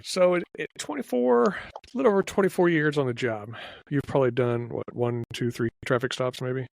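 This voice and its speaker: A man's voice: mid-range voice, fairly quick, vocal fry, darkish tone, low-quality recording. A man co-hosting a podcast, chatting casually and ribbing his friend. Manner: teasing, jokey. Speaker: podcast co-host, first responder. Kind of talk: casual chat.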